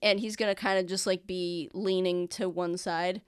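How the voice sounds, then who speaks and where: A woman's voice: on the low side, steady tone, moderate pace, clean tone. A woman game master narrating a tabletop game. Her talk is loose and casual, packed with "like" and "um", and she laughs easily while she describes scenes. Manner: chatty, full of fillers, often laughing.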